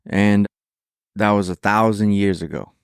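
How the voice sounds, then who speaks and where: A man hosting a podcast, asking easygoing questions in a low, smooth voice. The sound is close and dry, with no room around it. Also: fairly even intonation, measured pace, no room sound. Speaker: podcast host. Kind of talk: casual interview questions.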